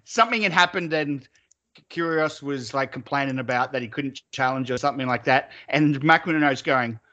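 A man's voice: mid-range voice, normal speed, pushed and bright, highs cut off. A man co-hosting a casual sports chat podcast, rambling, swearing freely and laughing often. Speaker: podcast co-host.

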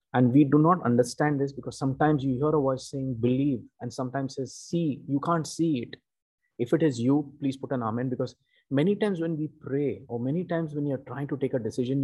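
Male preacher, husky warm tone, deliberate emphatic sermon delivery. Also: medium pitch. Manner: slow, emphatic teaching with repeated "okay" and "you know".

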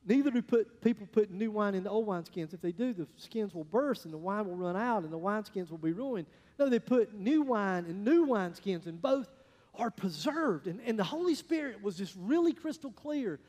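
A pastor preaching a sermon, telling stories in a folksy way, swinging between loud bursts and hushed asides. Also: male voice, high voice, lively intonation, moderate pace. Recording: echoey hall, long reverb.

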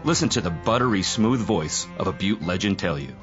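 A man's voice: deep voice, lively intonation, a little fast, fairly bright tone, dull audio, faint music behind. A man hosting a podcast, reading a sponsor ad in a wry, self-mocking way. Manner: wry, jokey, sarcastic.

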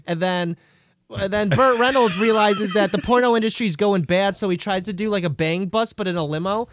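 A young man telling a crude, rambling story in casual comedic chat, tossing in quick quoted voices. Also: high-pitched, no room sound, studio quality.

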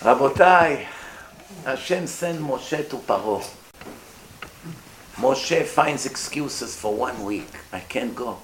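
A man's voice: medium pitch, slow pace, long pauses. Guy teaching torah to a group, asks them questions, voice bounces round the room. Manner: animated, asks the listeners questions, acts out voices. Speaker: rabbi giving a Torah class. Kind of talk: informal Torah lecture to a live group. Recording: echoey room, faint noise.

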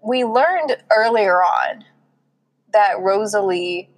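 A young woman with a Southern US accent in a relaxed co-hosted conversation. She talks easily and recaps scenes by acting out quotes in passing. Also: mid-range voice, slow pace, poor audio. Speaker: podcast co-host. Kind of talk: casual chat.

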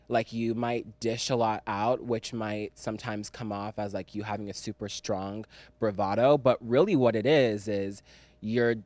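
A man's voice: on the low side, dry recording. A man hosting a podcast in casual chat, chatty and slangy, teasing his guest. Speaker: podcast host.

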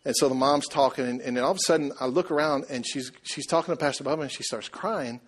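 This pastor talks fast in a husky, medium-pitched voice, weaving a story into his sermon and asking the congregation questions with lively, conversational energy.

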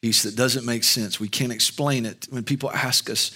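A male pastor giving an earnest sermon and closing prayer, with slow, emphatic pauses. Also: mid-range voice, sharp tone, husky.

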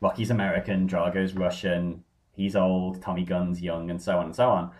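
Man, low-ish voice, enthusiastic, animated, casual film chat. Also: moderate pace.

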